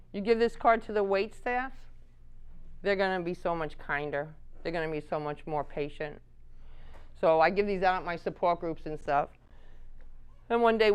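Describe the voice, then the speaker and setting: A woman's voice: medium pitch, clear, resonant tone. A middle-aged woman giving a caregiver talk to an audience, telling stories and acting out the people she quotes. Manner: animated, acts out quoted people with laughs. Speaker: caregiver support speaker.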